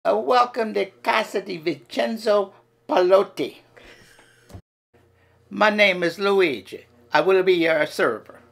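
A man's voice: high voice, slow, vocal fry, long pauses, fairly bright tone, pitched above the performer's own voice, exaggerated voice. A man voicing an effusive, theatrical Italian waiter in a language-lesson skit, with a put-on Italian accent and a sing-song delivery.

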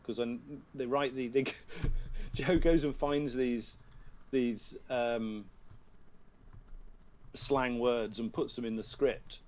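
A man's voice: medium pitch, steady tone, takes it slowly, darkish tone. A man with a British accent, a guest voice actor chatting casually over a video call on a tablet, talking through what he is doing and laughing at himself.

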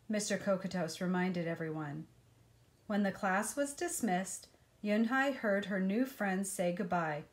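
A woman reading a children's picture book aloud in a gentle, unhurried way. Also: mid-range voice. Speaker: storyteller.

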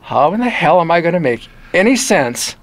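An older man with a Michigan accent tells stories from his reporting days in an unhurried, chatty way. He slips into quoted voices and jumps in pitch as he acts them out, and he restarts sentences often. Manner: animated storyteller who acts out quoted voices. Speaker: interview guest, former newspaper reporter. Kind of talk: casual storytelling in an interview.

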